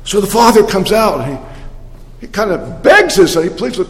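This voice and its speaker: An older man preaching a sermon, telling the story with animated energy and frequent restarts. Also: high-pitched, normal speed, long reverb tail.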